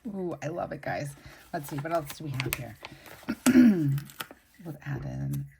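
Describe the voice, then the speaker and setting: Still getting over a migraine, this planner channel host chats through a casual plan-with-me session, raving about stickers as she decorates. She speaks low and unhurried with a creaky edge and big swings in pitch, against a noisy background.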